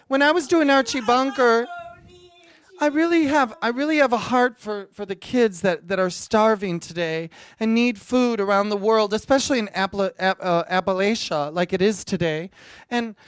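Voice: mid-range voice, measured pace, fairly bright tone, clean tone, no room sound, natural voice. A performer doing an impression of a TV actress in a charity appeal, gushing and rambling, stumbling over words.

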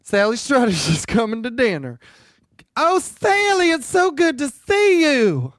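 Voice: sits high, sing-song, unhurried, dry recording, studio quality. A performer playing a neglectful, drunk hillbilly mother, drawling, coaxing and cursing.

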